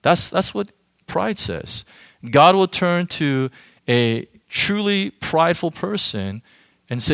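A man's voice: a little high, expressive, slow, creaky, fairly bright tone, dry recording, studio quality. A man giving an informal sermon to a youth group as their pastor, talking directly and emphatically to the audience.

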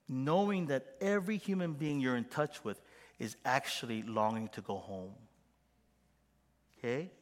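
A middle-aged man preaching a sermon as pastor, animated and acting out quoted voices with gasps. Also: medium pitch, in a large hall.

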